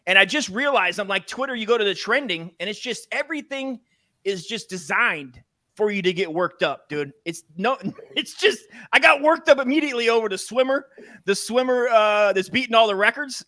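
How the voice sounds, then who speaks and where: A man with a high, bright voice, chatting loosely and full of slang, often breaking into laughs. The sound is close and dry, with no room around it. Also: lively intonation, normal speed, no echo. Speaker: podcast co-host. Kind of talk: casual chat.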